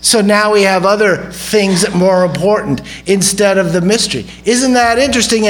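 High-voiced man preaching conversationally. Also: a bit bright, low-quality recording. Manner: conversational, asks the audience questions. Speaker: pastor. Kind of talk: sermon.

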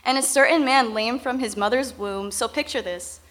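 A woman's voice: fairly high pitch, moderate pace, a bit bright. A woman teaching from the Bible, reading verses aloud and then explaining them in a casual, conversational way.

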